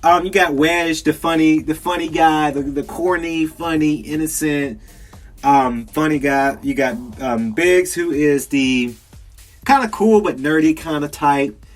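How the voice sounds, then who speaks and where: A man's voice: a little high, a little slow. Chatty young Southern man, faint music. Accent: Southern US (Georgia). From South Georgia, US. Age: young adult. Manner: rambling, chatty, laughs often, many fillers. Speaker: podcast host. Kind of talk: casual solo game review talk.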